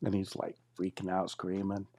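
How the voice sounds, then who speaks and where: A man in his sixties with a low-set, warm and mellow voice tells his life story in a loose, rambling way. He drifts from one memory to the next and acts out bits of dialogue as he goes, in casual, unscripted speech. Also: monotone, moderate pace. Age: 60s. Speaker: guest sharing his testimony. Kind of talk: casual spoken testimony.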